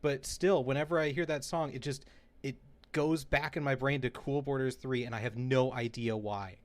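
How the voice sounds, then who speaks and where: A man co-hosting a casual gaming podcast, an animated storyteller who laughs his way through his own anecdotes. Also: medium pitch, moderate pace. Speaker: podcast co-host. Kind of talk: casual chat.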